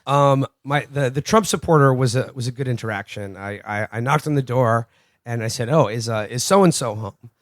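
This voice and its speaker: A man's voice: mid-range voice, moderate pace, dry recording, studio quality. Profane, rambling male podcast host. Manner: profane, rambling with repeated restarts. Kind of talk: casual chat, storytelling anecdotes.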